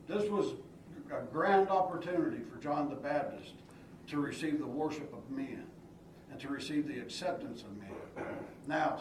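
A man teaching Sunday school who reads scripture aloud and then explains it plainly, often restarting his sentences. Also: medium pitch. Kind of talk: expository Bible teaching. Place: church room. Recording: echoey church room from far off, faint hiss.

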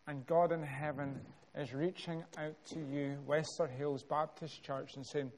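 A Scottish man preaching a sermon, telling a story with measured, dramatic pauses and building emphasis. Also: fairly high pitch, fairly even intonation.

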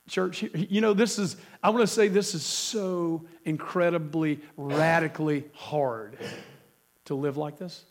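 A man's voice: fairly high pitch, fairly even intonation, measured pace. A male pastor with a cold preaching a sermon, emphatic and asking the congregation questions. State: has a cold.

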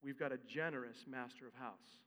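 A man preaching a sermon as a pastor, with an expressive, conversational delivery. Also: mid-range voice, brisk, big-room sound.

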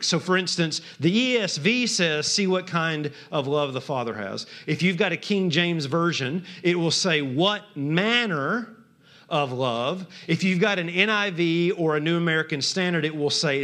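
A male pastor with a Southern accent preaching a sermon, swinging from hushed, drawn-out words to loud, impassioned emphasis. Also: on the high side.

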